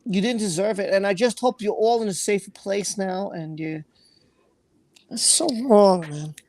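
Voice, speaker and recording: A man's voice: sits high, unhurried, a little mellow. A man hosting a livestream, reading out viewer comments and talking in an earnest, emotional way, repeating himself and swearing freely. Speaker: livestream host.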